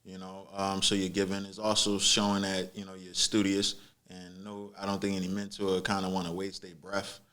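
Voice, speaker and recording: A man's voice: low voice, monotone, normal speed, a bit bright. A man guest on a podcast, telling stories in a laid-back, slangy way with lots of fillers. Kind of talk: casual storytelling chat.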